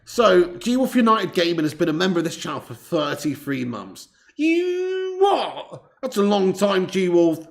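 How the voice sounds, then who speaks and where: Gravelly-voiced man streaming live football. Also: high voice, normal speed, few pauses. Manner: excitable, swears, reads viewer chat aloud. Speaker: watch-along streamer. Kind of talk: live football watch-along chat.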